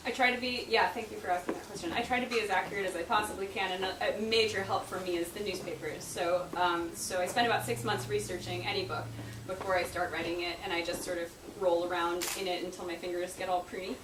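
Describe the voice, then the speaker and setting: A woman author answering audience questions in casual talk, chatty and quick to laugh, with many fillers. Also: lowish voice, fairly even intonation. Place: book event room. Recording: echoey room, distant mic, noisy.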